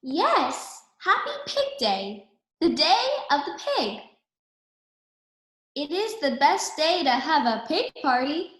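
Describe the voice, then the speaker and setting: A woman's voice: sits high, very animated, slow, fairly bright tone, echoey room, full character voice. A woman doing Piggy, a squealing happy pig. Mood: joyful. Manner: bubbly, squealing oinks. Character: excited cheerful young pig.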